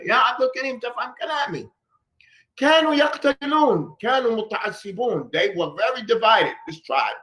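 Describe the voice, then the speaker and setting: A man's voice: high-pitched, fairly bright tone. A man giving a religious lesson in a mosque, firing rhetorical questions at his listeners and repeating phrases for emphasis. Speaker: religious teacher. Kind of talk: classroom-style religious lesson. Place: mosque hall.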